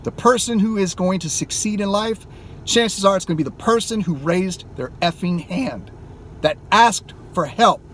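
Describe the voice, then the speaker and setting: Sitting in his car, a gaming YouTuber delivers an emphatic vlog rant laced with plenty of swearing. He sounds high-pitched, animated and a bit bright at a normal pace, with slight background noise.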